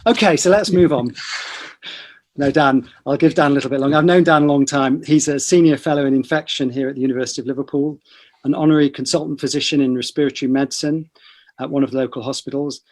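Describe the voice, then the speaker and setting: A middle-aged man hosts a relaxed science podcast, introducing his guests in a conversational way. His voice sits in an ordinary middle pitch, and he slips teasing asides into the formal introductions. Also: fast. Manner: chatty, light teasing asides. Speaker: podcast host, professor of neurology. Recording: online broadcast discussion.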